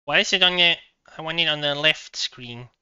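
A woman streaming a game live from her home computer setup, thinking out loud, laughing often and swearing freely. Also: low voice, moderate pace, clear, resonant tone, no echo, highs cut off.

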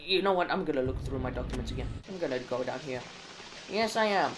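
A man's voice: on the high side, lively intonation, a little fast, a crowd in the background, low-quality recording. A young man giving let's play commentary, muttering to himself with jittery nerves and frequent mild swearing. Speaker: gaming channel host.

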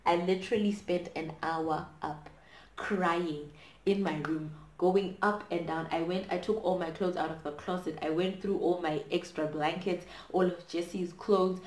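A woman's voice: fairly low pitch, steady tone, unhurried, darkish tone. A woman in her twenties from Zimbabwe, telling a dramatic storytime while doing her hair, with lots of fillers. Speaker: vlogger. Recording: echoey room.

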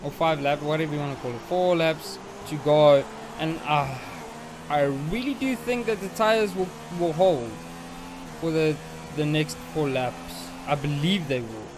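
A man's voice: fairly high pitch, unhurried, background noise. A young man commenting on a racing game he is playing, frustrated and swearing at a rival driver. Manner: frustrated, swearing ranting at an opponent. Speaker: gaming channel host.

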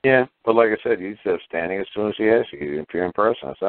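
A man talking casually on a call-in show, piling up rhetorical questions in an animated way. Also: fairly low pitch, very fast, hardly any pauses, dry recording. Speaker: guest caller explaining legal ideas. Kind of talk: casual phone-in talk. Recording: tinny phone line, dry.

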